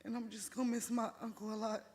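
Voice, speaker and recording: A woman's voice: a little high, level tone, fast talker, darkish tone. Woman giving a short earnest tribute. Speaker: family member giving a tribute. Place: funeral home chapel. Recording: long hall reverb.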